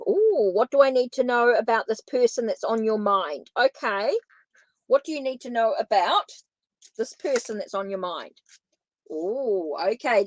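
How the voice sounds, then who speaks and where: On a dry, low-quality recording, a tarot reader from New Zealand with a slightly high voice and Kiwi accent gives live-stream readings. She's chatty, repeats herself, and replies to viewers.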